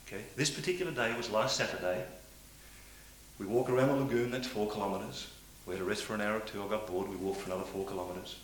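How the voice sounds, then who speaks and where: A middle-aged man giving a motivational speech to a sales audience, swinging between loud preaching and quiet, confiding storytelling. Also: lowish voice, quick pace. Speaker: motivational speaker at a sales meeting. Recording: hissy old cassette tape in a roomy hall.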